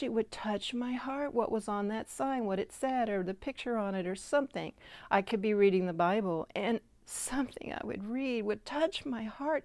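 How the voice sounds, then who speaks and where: A woman's voice: a little high, no echo. A middle-aged woman speaking tenderly and earnestly to viewers in a personal devotional testimony, emotional at times and dropping to a whisper. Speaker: Christian speaker sharing a devotional message.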